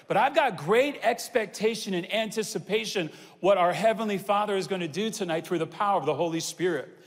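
A man preaching a sermon to a large congregation, using call-and-response and repeated emphatic phrases. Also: high voice. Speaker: pastor. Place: large church hall with congregation. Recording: hall reverb from a large venue.

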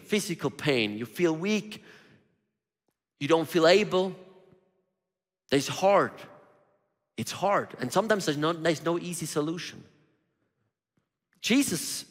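A male preacher with a high, very lively voice, talking casually through his sermon and pausing on rhetorical questions. He acts out the people he quotes. The hall around him adds a long echo. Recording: reverberant hall.

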